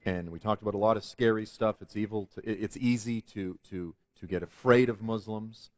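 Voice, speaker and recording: A man's voice: lowish voice, steady tone, brisk, dry recording, highs cut off. A man telling a testimony story as a guest on a Christian talk show, earnest and building to emphatic preaching. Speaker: guest speaker.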